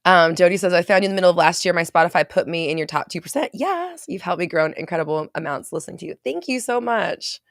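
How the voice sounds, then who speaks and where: This manifestation coach and show host talks fast with hardly any pauses, her lowish voice recorded at studio quality without echo. On her casual livestream she's animated, laughing often, reading comments aloud, dropping frequent fillers and the occasional swear word.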